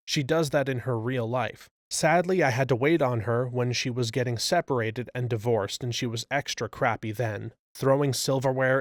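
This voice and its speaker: A man narrating reader stories in an even, steady read-aloud style. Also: mid-range voice, no echo, studio quality. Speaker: story narrator.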